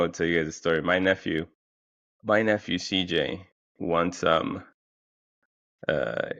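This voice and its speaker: A man's voice: low voice, vocal fry, fairly bright tone, no room sound. A man telling a funny story in a rambling, profane way, full of fillers and restarts, sounding a little tired. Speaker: podcast host. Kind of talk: casual comic storytelling. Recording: dull lo-fi, dry sound.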